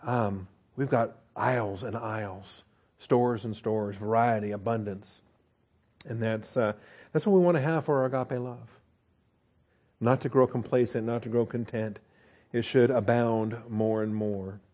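A man leads a verse-by-verse Bible study in a loose, conversational manner. He restarts his sentences often and keeps checking in with a quick "okay?". His voice sits at an ordinary middle pitch. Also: a little mellow. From United States. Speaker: Bible teacher.

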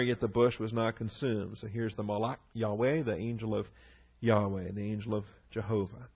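A man's voice: fairly low pitch, level tone, normal speed, breathy edge, lo-fi sound. A man teaching through a Bible passage verse by verse, leaning hard on key words between fillers and restarts.

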